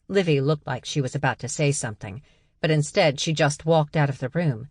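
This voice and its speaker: Woman audiobook narrator, low voice, measured, dry and close. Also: dry recording. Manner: even, measured storytelling.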